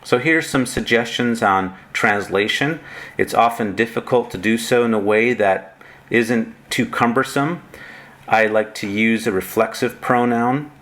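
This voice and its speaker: A man's voice: medium pitch, unhurried, fairly bright tone. A man teaching Greek grammar in a recorded lecture, methodical and reciting word forms one at a time.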